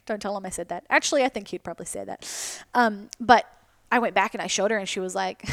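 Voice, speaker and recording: A woman's voice: mid-range voice, quick pace, vocal fry, dry recording, clean studio sound. A woman hosting a solo podcast, talking candidly and casually, swearing freely and slipping in self-mocking asides. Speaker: podcast host.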